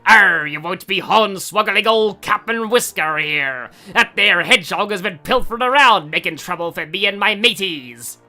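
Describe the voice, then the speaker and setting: A streamer voicing a blustering old male robot pirate captain, gruff and loud, with a theatrical pirate accent. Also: mid-range voice, expressive, normal speed, hardly any pauses, faint music behind. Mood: boastful. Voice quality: gruff, growling "arr" exclamations. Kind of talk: gaming stream voicing of game dialogue.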